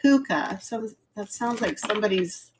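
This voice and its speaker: Slow, chatty woman selling jewelry. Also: mid-range voice, slight background noise. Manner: chatty, rambling, self-deprecating. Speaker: live jewelry auction host. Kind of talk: casual live selling chat.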